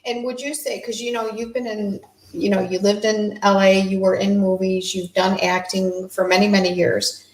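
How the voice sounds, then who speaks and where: A woman's voice: mid-range voice, flat delivery, normal speed, hardly any pauses, darkish tone. A woman hosting a casual talk show, chatty and agreeable, picking up her co-host's points. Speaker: host. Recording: echoey room.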